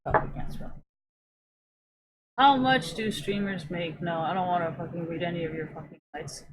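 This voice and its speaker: A woman's voice: fairly low pitch, lively intonation, normal speed, background noise. A woman streamer ranting to her live chat, profane and rambling, sometimes drifting away from the mic as she browses.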